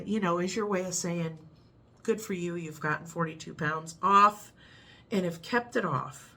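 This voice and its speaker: A woman's voice: medium pitch, bright, forceful tone. Middle-aged midwestern lady rambling to camera, chatty, easygoing. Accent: Midwestern American. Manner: rambling, chatty, laughs at her own stories. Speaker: vlogger. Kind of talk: casual chat to camera.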